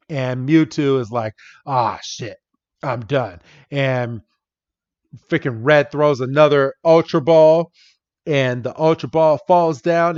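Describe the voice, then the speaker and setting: A man co-hosting a laid-back podcast recap, with a slightly higher voice and a slow, drawn-out pace. He gets excitable and throws playful voices into the characters' lines. His recording sounds dull and dry, with little room tone. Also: no room sound. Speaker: podcast co-host. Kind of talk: casual podcast chat.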